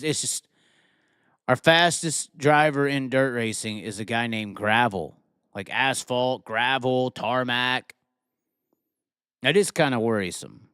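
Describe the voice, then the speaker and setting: A man hosts a casual live reaction show, rambling and stumbling over his own sentences. His voice sits slightly high and sounds smooth. The recording is dry and close. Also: no room sound. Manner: rambling, restarts and stammers, animated. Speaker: host.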